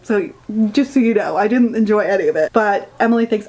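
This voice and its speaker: A woman's voice: medium pitch, brisk, a little mellow. A woman giving a casual, sarcastic rant review of a book, swearing freely and sounding exasperated.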